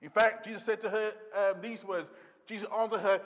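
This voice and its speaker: Preacher with a high voice in a hall. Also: male voice, fairly even intonation, a little fast. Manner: dramatic preaching, quoting scripture with rising intensity. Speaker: pastor. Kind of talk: sermon.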